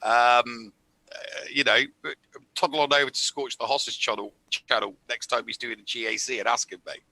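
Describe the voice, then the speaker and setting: A man's voice: medium pitch, steady tone, normal speed, bright, forceful tone, rough recording. A man from Middlesbrough, chatting casually on a live gaming panel and often restarting his sentences. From Middlesbrough, England. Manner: chatty, stammering restarts, says "mate". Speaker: panel regular. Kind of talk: casual live game chat.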